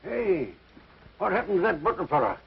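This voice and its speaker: An actor playing a brash, boisterous old cowboy grandfather, talking in a loud, folksy, blustering way, in a dull old film recording. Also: high voice, sing-song, normal speed, creaky, a little hiss or hum, heavily acted. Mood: jovial. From Wyoming. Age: older. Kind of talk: 1950s TV drama acting. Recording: dull lo-fi 1950s film sound.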